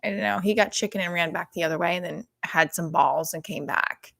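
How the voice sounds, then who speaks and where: A woman in her thirties doing casual, profane stand-up on a livestream, rambling with many fillers and often talking quietly. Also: lowish voice, fairly quick, creaky. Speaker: stand-up comedian.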